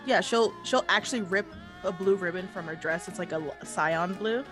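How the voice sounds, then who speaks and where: A woman playing a tabletop game, jokey and expressive, slipping in and out of her character. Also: on the low side, a little fast, music in the background. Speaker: player.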